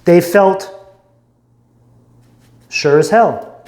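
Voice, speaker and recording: High-voiced man doing a tarot reading. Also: a little slow, a little mellow. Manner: musing, searching, self-interrupting. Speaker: tarot reader. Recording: roomy echo.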